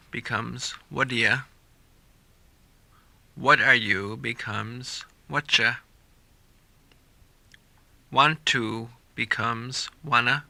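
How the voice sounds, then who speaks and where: A man reads a scripted listening drill slowly and carefully, pausing on each example sentence. His voice is very bright and sharp, and the recording is dry and close. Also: medium pitch, gravelly, no echo. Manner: slow, deliberate reading of example sentences for repetition. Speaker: English pronunciation teacher. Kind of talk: scripted listening-practice narration.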